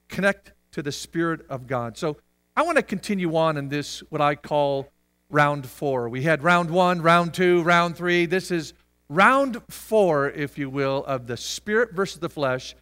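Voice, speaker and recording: A man preaching a sermon as a pastor, animated, at times shouting out the cries of a crowd. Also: high-pitched. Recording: long reverb of a hall.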